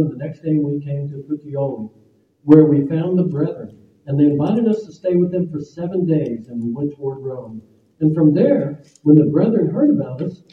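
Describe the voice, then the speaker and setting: A man's voice: fairly high pitch, recorded from a distance. An older man preaching a sermon as pastor, telling stories in an easygoing way with fillers and restarts. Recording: echoey phone-like room sound from afar.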